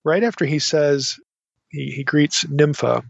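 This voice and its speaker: A man teaching a Bible study lesson in an unscripted, halting way, often restarting and adding asides as he reads from commentaries. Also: fairly high pitch, creaky, dry recording. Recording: dry, dull lo-fi recording.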